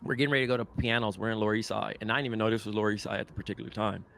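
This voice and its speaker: A man's voice: fairly low pitch, racing, creaky. A young adult man co-hosting a podcast, telling a story in a casual, slangy, profane way and acting out other people's voices. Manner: animated, slangy and profane, acts out quoted voices. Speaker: podcast co-host.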